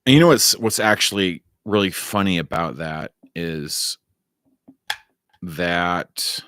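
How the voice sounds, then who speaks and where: A man's voice: low-pitched, slow, a bit bright, dry recording, studio quality. A man rambling through a solo monologue, wandering and repeating himself and swearing casually. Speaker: vlogger.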